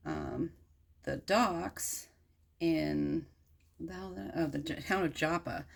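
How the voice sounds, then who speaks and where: A woman's voice: deep voice, creaky, slightly rough. A woman casually retelling a story while crafting at home, irreverent and slangy, swearing freely and wandering into asides.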